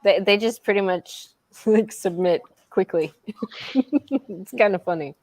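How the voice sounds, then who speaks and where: A woman's voice: medium pitch, measured pace, a little mellow, dry recording. A woman in a casual podcast chat who talks bluntly, swears freely and laughs often. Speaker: streamer.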